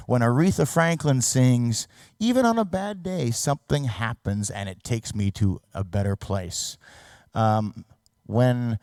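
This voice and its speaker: A middle-aged man from Canada, a singer giving a reflective stage talk, now and then singing or shouting a line to demonstrate. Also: medium pitch, no room sound, studio quality.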